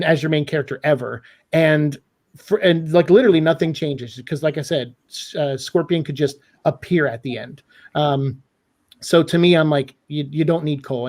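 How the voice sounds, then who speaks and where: Man guest ranting critically in a casual chat, voice a bit high for a man. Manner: animated, opinionated, critical. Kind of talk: casual podcast discussion.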